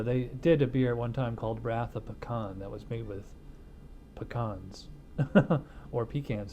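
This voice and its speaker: A man hosting a casual beer review from a home studio, rambling through his thoughts with plenty of fillers and self-amused asides. His voice is mellow and relaxed, picked up close by a lapel mic hidden behind a studio mic. A faint hum sits underneath. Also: mid-range voice. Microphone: wireless lapel mic hidden behind a studio mic.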